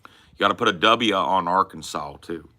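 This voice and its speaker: Deep, bright-voiced Californian man. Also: moderate pace. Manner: loose and profane, swearing and calling listeners bro and man. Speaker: podcast host. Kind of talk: casual podcast chat.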